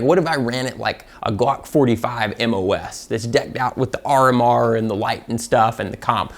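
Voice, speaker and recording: A man's voice: medium pitch, vocal fry. A man with a Southern American accent giving a comedic, profane, self-mocking gun review.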